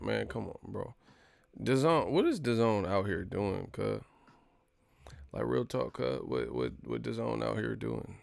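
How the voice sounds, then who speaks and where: A man's voice: lowish voice, gravelly, dry recording. A man hosting a live stream, ranting in casual, slangy, profane commentary. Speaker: boxing live stream host.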